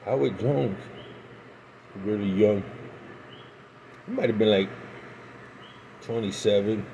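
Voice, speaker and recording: A middle-aged American man casually telling a rambling story about his past, halting and restarting often. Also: lowish voice, flat delivery, mellow, highs cut off, a little hiss or hum. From United States. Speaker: pipe-smoking vlogger.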